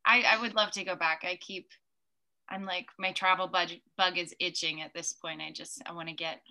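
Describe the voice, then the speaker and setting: A young woman hosting a casual interview chat, easygoing and quick to laugh. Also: on the low side, fairly even intonation, sharp tone. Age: young adult. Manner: easygoing, chatty, laughs readily. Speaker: host.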